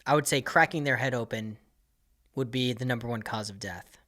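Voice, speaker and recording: A man's voice: mid-range voice, brisk, bright, forceful tone. Exasperated man ranting in a comic monologue. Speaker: comedian and podcast host. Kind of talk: comedic rant monologue.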